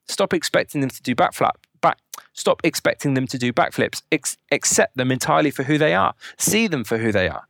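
A man's voice: medium pitch, vocal fry, a bit bright, dry recording. A man as a podcast guest, explaining at length with examples in a conversational interview. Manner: rapid, explanatory, lecturing with examples.

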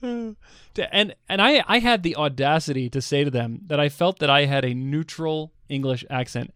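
A man's voice: fairly high pitch, moderate pace, a bit bright, clean tone, no room sound, clean studio sound. An American man co-hosting a podcast, chatting casually, laughing easily and hesitating with fillers. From United States. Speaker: podcast co-host.

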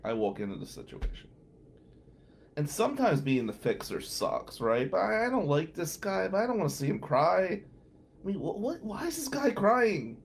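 A man's voice: high voice, sing-song, moderate pace, vocal fry, slight background noise. A middle-aged man hosting a radio show, telling a story casually, chatty and full of fillers.

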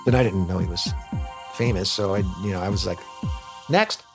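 A man's voice: low-pitched, quick pace, vocal fry. A man giving a candid interview, frankly telling anecdotes and acting out quotes. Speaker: interview guest. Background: music.

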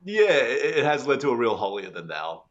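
A young man with an Australian accent, a guest chatting casually on a podcast, animated and laughing as he tells stories. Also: mid-range voice, fairly quick, muffled recording. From Singapore. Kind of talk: casual chat.

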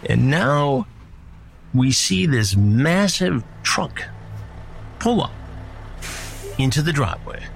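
A man hosting a podcast, retelling a story in a measured, dramatic way. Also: mid-range voice, very animated, gravelly, slight background noise. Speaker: podcast host. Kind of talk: storytelling narration.

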